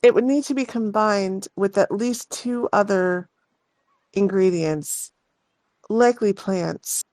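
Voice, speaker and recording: A woman voicing a knowledgeable, concerned male shopkeeper who explains in a measured way. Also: medium pitch, darkish tone, no echo, pitched above the performer's own voice, lightly acted. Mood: thoughtful.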